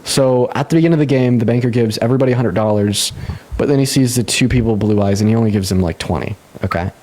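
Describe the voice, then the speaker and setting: A young man hosting a casual livestream debate, talking fast, laughing and swearing, with sudden jumps up in pitch when he gets excited. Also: slight background noise. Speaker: livestream host.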